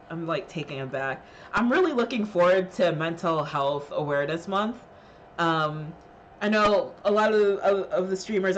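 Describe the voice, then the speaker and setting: A woman's voice: on the low side, a little hiss or hum. A woman streamer chatting casually with her live chat, emotional and laughing, thanking viewers with lots of fillers.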